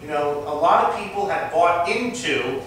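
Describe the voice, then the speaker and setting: A man's voice: on the high side, expressive, moderate pace, background noise. Male teacher lecturing off the cuff with fillers; distant mic, very reverberant classroom. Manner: unscripted with frequent fillers and restarts. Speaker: history teacher. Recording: echoey room, far from mic.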